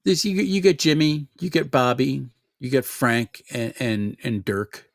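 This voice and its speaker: A man narrating a tabletop game as game master, relaxed and rambling with many fillers. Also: mid-range voice, unhurried, gravelly, no echo, studio quality.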